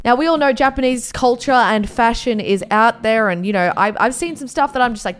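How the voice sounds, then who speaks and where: An Australian woman hosting a reaction video, talking in a casual, animated way with loud exclamations and jokes at her own expense. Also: on the high side, normal speed, hardly any pauses. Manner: animated, exclaiming, self-mocking.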